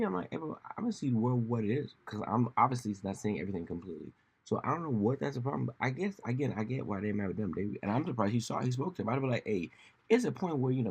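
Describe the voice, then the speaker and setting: A man hosting a casual solo commentary show, rambling and animated, often slipping into mocking voices when he quotes people. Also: fairly low pitch, creaky, breathy edge. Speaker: podcast host.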